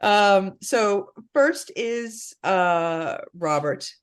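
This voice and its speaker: A middle-aged woman co-hosting a podcast in casual chat, candid and animated, swearing freely. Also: on the low side, normal speed. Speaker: podcast co-host.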